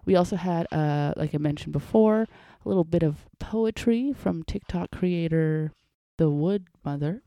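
A woman's voice: low voice, measured pace, hardly any pauses, warm tone, dry recording. A young woman from Canada's Northwest Territories, a musician hosting her own show, talking in a rambling, hesitant way full of fillers. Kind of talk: casual solo show talk.

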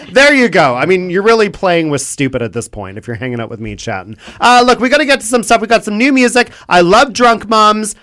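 Man, radio host, campy and rambling, lively swooping pitch, dry studio sound. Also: no room sound. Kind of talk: comedic talk radio banter. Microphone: studio microphone.

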